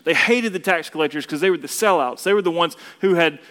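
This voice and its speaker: A man's voice: on the high side, fast, a bit bright. A man preaching a casual, conversational sermon, often repeating words as he builds each point. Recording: long reverb of a hall.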